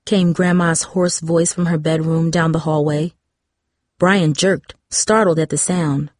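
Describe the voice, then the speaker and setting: A woman narrating a novel in a measured audiobook reading, giving the characters light voices of their own. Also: low-pitched, steady tone, dry recording, clean studio sound.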